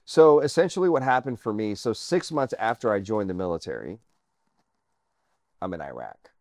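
Earnest low-voiced man telling his story. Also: normal speed, dry recording, studio quality. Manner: earnest, animated, drops to near-whisper at emotional points. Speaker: guest, army veteran. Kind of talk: personal storytelling interview.

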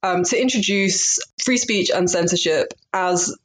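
A woman's voice: on the low side, unhurried. A woman hosting a podcast interview, talking in a thoughtful, searching way with frequent fillers and restarts. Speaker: podcast host.

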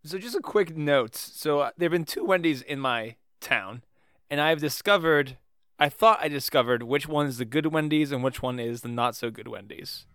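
A man's voice: fairly high pitch, animated, normal speed, fairly bright tone, smooth, dry recording, studio quality. A man who is a priest, co-hosting a casual podcast, telling stories with enthusiasm.

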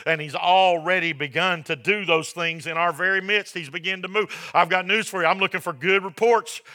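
A man preaching a sermon as pastor, asking the congregation "Amen?" and building to shouted peaks. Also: on the high side. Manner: preaching with call-and-response "Amen?" and shouted climaxes.

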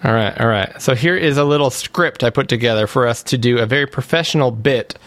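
A man's voice: mid-range voice, a little fast, a bit bright, dry recording. A man hosting a podcast over a remote call, casual and playful, teasing his co-host. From United States. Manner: playful, teasing, leads the segment. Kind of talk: casual chat.

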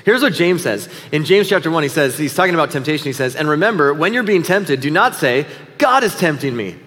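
A man's voice: a little high, expressive, brisk, a bit bright. A middle-aged man preaching a sermon, telling a personal story in a conversational, self-deprecating way. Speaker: pastor. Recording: long hall reverb.

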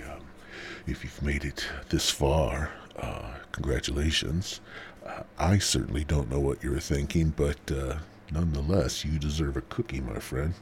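A man's voice: very deep voice, a little hiss or hum. A man hosting a comedic podcast, rambling crudely and slipping into mock ASMR whispers. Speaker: podcast host.

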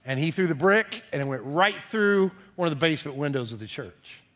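Folksy pastor telling a story. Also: male voice, on the high side, brisk. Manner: folksy, animated storytelling with quoted voices. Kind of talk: storytelling sermon.

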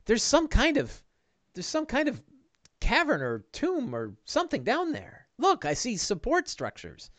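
A nervous young manservant, pitched well above the speaker's own voice, as a man puts him on, eager to please and forever calling his master sir. The voice rises and falls lively on a dry, close microphone. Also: unhurried, no echo, exaggerated voice. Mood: awed. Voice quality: high, polite, says sir constantly.

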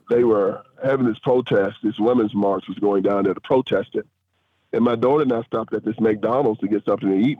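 A husky male voice comes through a narrow, tinny phone line with no room sound at all. He builds emphatically, climbing in pitch as he presses his points. Between these surges come halting fillers. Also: dry recording. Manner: emphatic, rising into preacher-like force. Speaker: guest, author and filmmaker. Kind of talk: interview over a phone line.

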